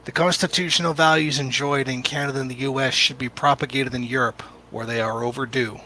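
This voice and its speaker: A man's voice: mid-range voice, steady tone, brisk, pushed and bright, a little hiss or hum. A man in a played clip making a firm, lecturing political statement.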